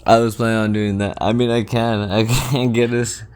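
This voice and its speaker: At home near a window, a man hosts his own podcast solo, rambling casually, swearing freely and laughing a lot. His mid-range voice is level and moderately paced, a bit mellow, with a clean tone.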